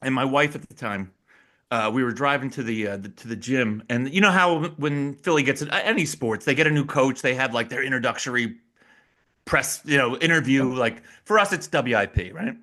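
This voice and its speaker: A man who is a guest analyst on a sports podcast, telling stories in a lively, casual way and laughing often. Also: mid-range voice, moderate pace. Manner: animated storyteller, laughs often.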